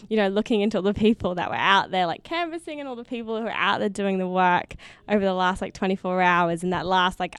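A woman talks quickly and forcefully, with a smooth, resonant voice. She swears freely as she makes her points in casual podcast chat. The sound is dry and close. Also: medium pitch, no echo. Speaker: podcast co-host.

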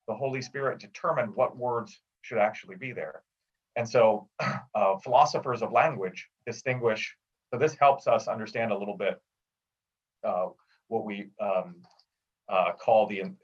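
A man with a slightly husky voice explains theology in a patient, lecturing way. He sits back from a dull-sounding mic, so he comes across a little distant. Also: lowish voice. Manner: lecturing, with clear examples and acted-out quotes. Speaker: theology professor guest. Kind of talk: explanatory conversation.

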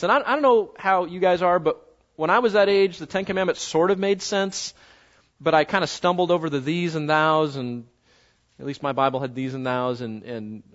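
A man preaching a sermon in a conversational, animated way, slowing down to stress key words. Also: fairly high pitch. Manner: conversational, animated, slows down for emphasis. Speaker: pastor. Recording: dull lo-fi sound.

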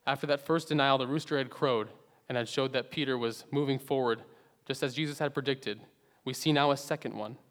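A man preaching a sermon in an earnest, dramatic way, rising to loud emphasis and then dropping to hushed low endings. His voice sits at a middle pitch and rings out with a long reverb, as in a large church sanctuary. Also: a little fast.

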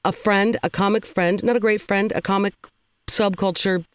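A woman co-hosting a podcast, telling stories in a casual, animated way, laughing often and swearing now and then. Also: medium pitch, normal speed, background noise. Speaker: podcast co-host. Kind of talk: casual chat.

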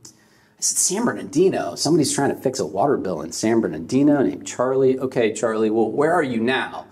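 A man's voice: mid-range voice, animated, a little fast, darkish tone. A middle-aged man from California preaching a sermon, telling a personal story and acting out the voices in it. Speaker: pastor.

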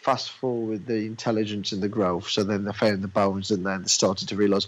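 Chatting casually about movies he's seen, a man who has a daughter calls people "mate" and plays out short anecdotes in quick voices. He speaks low with a level tone, and the recording's highs are cut off.

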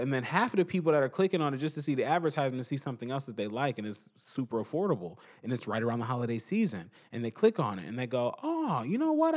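A young man hosting a podcast delivers an animated, casual opinion monologue, repeating his points for emphasis. His voice is mid-range.

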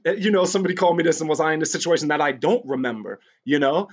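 A man's voice: on the high side, racing, husky. A man speaking candidly in an interview, telling personal stories in a rambling way with frequent fillers and restarts. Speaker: guest recounting personal experiences. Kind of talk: candid conversational storytelling. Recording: dull lo-fi recording.

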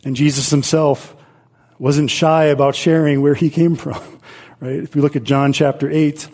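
A man's voice: a little high, steady tone, moderate pace, darkish tone. A male pastor preaching a sermon and reading scripture aloud, earnest, with frequent repeats and restarts.

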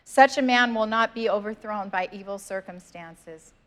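A woman's voice: mid-range voice, normal speed, fairly bright tone. A woman pastor giving a sermon in church, earnest and conversational, reading scripture aloud. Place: church sanctuary.

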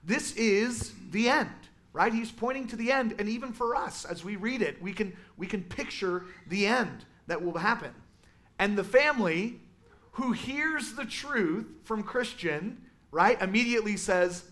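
A man teaching a Sunday school class in a casual, animated way, with lots of fillers. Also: sits high, unhurried. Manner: animated, conversational, many fillers. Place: church classroom.

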